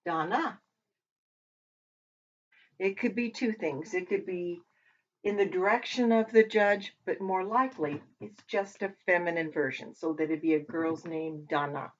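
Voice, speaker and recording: A woman teaching a language lesson who talks while she writes, pausing and correcting herself as she goes. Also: fairly low pitch. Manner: talks while writing, with pauses and self-corrections. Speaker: Hebrew teacher. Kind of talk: slow, patient lesson at a whiteboard. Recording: dull lo-fi recording.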